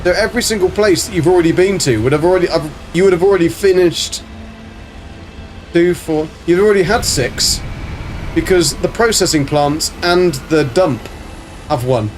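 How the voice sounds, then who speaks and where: A man's voice: sits high, normal speed, slight background noise. A man casually commentating a game on a live stream, chatting to viewers, swearing freely and greeting them by name. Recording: faint background music.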